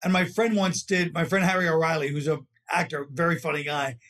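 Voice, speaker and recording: Wry New man, high voice. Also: steady tone, a little fast, fairly bright tone. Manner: wry, rambling, trailing off mid-sentence. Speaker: comedian guest. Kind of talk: casual podcast chat.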